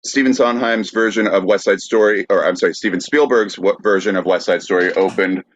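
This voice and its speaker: Low-voiced man, dry and lo-fi. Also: brisk. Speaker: podcast host. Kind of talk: reading segment notes.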